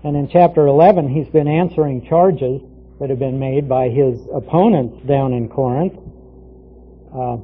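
A man teaching a Bible passage verse by verse, explaining it in a measured way with many small pauses. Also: mid-range voice. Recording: tinny phone-like lo-fi sound.

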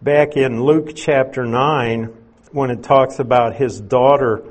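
Husky man preaching through a Bible passage. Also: medium pitch, steady tone, slow pace. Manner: explains verses plainly, conversational asides. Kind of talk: expository sermon.

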